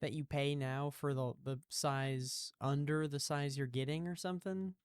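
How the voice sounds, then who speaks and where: A man's voice: medium pitch, fairly even intonation, normal speed, smooth, dry recording, studio quality. A man hosting a podcast, chatting casually with wry jokes. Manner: joking, wry. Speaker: podcast host. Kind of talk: casual chat.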